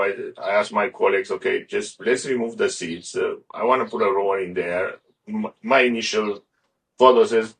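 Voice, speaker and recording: Brief: middle-aged male guest, gravelly and lowish, rambling casual talk, set back from the mic. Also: a bit bright. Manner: rambling, restarts often. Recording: a bit far from the mic.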